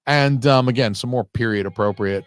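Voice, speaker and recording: Casual, profane, and digressive, a man comments live on a movie, straying into tangents and leaning on fillers. His medium-pitched voice keeps a moderate pace.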